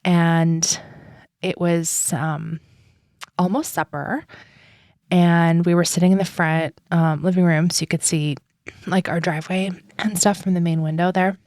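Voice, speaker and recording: A woman with a lowish voice rambles through a personal story, podcast-host casual. She leans on fillers and laughs between thoughts. The recording is close and dry, with no room sound. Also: steady tone, unhurried, darkish tone, no echo. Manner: rambling and chatty, heavy on "like" and "um", laughs often.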